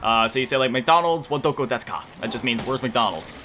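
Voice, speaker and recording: Over music, an animated man with a medium-pitched voice talks at a quick pace. A gaming YouTuber, he chats casually while playing, rambling, self-deprecating and often pausing mid-thought to recall words.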